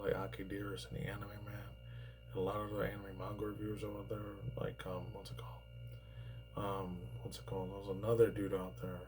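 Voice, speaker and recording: Rambling, profane, low-voiced man. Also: a little mellow, slight background noise, poor audio. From New York. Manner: rambling, profane, heavy on fillers. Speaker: YouTuber reacting to news. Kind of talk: casual rambling commentary.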